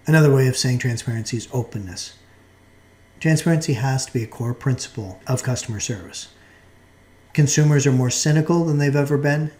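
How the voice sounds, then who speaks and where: A man giving a recorded course lecture in a measured, explanatory way, now and then restarting a phrase. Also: mid-range voice, a little mellow.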